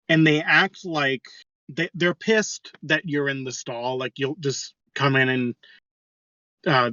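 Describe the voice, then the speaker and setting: A man co-hosting a casual podcast tells a rambling story. He swears freely in an average-pitched voice. The recording is dry and a little dull. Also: pushed and bright, dry recording. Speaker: podcast co-host. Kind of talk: casual chat.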